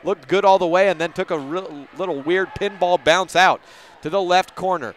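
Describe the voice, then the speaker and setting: Over slight background noise, a man does brisk local radio play-by-play of a high school girls' basketball game. He occasionally corrects himself on names.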